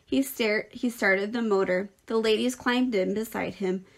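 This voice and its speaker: A woman teacher reading a children's novel aloud in a clear, expressive storytelling voice. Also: mid-range voice, a little slow.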